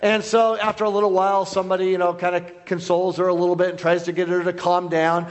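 A man who is a guest preacher, telling a story in a sermon, loud, with many repeated restarts. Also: sits high, flat delivery, fast. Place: church hall. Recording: long hall reverb.

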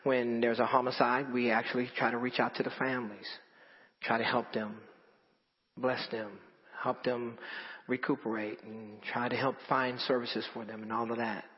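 A man preaching a storytelling sermon to a congregation, animated and repeating phrases for emphasis. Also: mid-range voice, moderate pace, slightly rough. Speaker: pastor. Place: church in front of a congregation. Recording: dull lo-fi audio with long hall reverb.

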